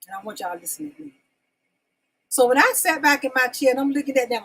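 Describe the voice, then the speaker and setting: A woman with a high voice hosts her own live-stream talk show. She talks to her viewers in a folksy, down-home way, calling them y'all. She keeps pressing the chat to answer her questions. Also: animated, fast talker, pushed and bright, low-quality recording.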